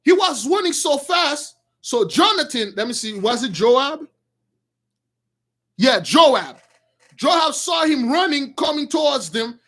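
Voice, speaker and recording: Taking his time, a very high-voiced man tells an old religious story to his viewers. His delivery comes in animated bursts, frequently rising to shouts, and he often backs up to begin sentences over.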